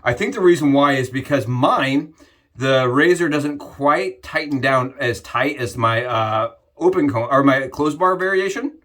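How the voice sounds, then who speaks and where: A man's voice: medium pitch, animated, unhurried, a bit bright. A young man talking casually to his viewers while he shaves, chatty and repeatedly addressing them as guys. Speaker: shaving vlogger. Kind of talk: casual talk to camera while shaving.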